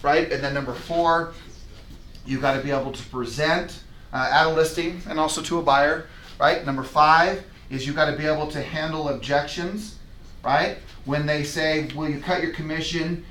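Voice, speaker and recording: Bright, emphatic male sales trainer. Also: on the high side, moderate pace, slight background noise. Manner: energetic, emphatic, acts out client dialogues. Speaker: real estate sales trainer. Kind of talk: live training talk to agents. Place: training room with a whiteboard.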